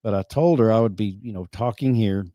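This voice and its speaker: A man's voice: lowish voice, brisk, mellow, no room sound, clean studio sound. A man hosting a podcast, talking casually and rambling with many restarts. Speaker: podcast host. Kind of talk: casual chat.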